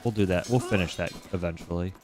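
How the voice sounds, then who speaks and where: A gaming livestreamer with a low, quick voice plays a video game and chats casually, rambling irreverently and swearing as he comes down with a cold.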